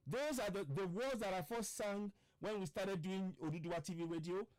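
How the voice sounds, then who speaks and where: A man's voice: sits high, animated, no room sound. A man giving an impassioned political livestream address as an online radio broadcaster, preaching and repeating points with emphasis. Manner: preaching, repetitive and emphatic, slows for stress; greets viewers by name mid-speech.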